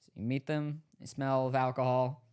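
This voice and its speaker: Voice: medium pitch, level tone, normal speed, a little mellow, smooth. A host in casual chat, asking playful hypothetical questions and laughing often.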